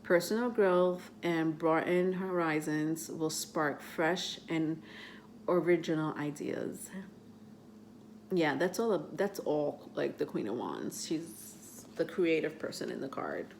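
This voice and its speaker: A woman giving a casual tarot reading to her viewers, chatty and halting, with many fillers as she reads card texts aloud. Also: deep voice, a little mellow, slight background noise. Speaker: tarot reader.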